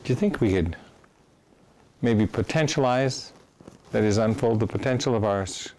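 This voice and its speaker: A man teaching his own method, telling animated anecdotes with frequent restarts. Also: medium pitch, normal speed. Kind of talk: storytelling lecture.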